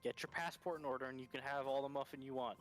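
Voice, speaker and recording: A man chatting casually with fellow players, blunt and excitable, with frequent swearing. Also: medium pitch, fast talker, faint music behind. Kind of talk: casual banter among players.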